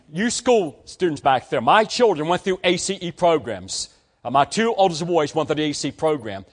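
An older man preaches a sermon to students, telling a story and acting out its dialogue. His delivery climbs to emphatic peaks and then drops low.

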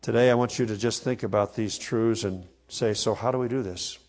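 A man preaching a sermon, leading his congregation in a slow, emphatic reading and swelling loud on key phrases. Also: lowish voice, steady tone. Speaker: pastor.

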